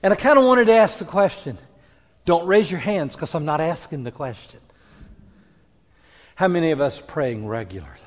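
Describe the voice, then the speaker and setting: Male pastor, sermon, high voice, dramatic hushed storytelling, long church reverb. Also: lively intonation, normal speed, long pauses. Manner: storytelling with dramatic drops to hushed tones and rising emphatic peaks. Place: church sanctuary.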